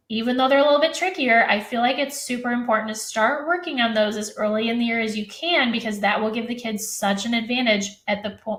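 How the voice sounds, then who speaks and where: A woman teacher giving a fast, chatty live-stream presentation to other teachers, full of fillers. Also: on the high side, fairly bright tone, reverberant.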